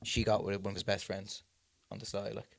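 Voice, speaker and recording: Joking young podcast co-host. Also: male voice, lowish voice, completely flat delivery, a little fast, vocal fry, no echo. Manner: laughing, joking banter with loose slang. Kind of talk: casual chat. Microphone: podcast microphone.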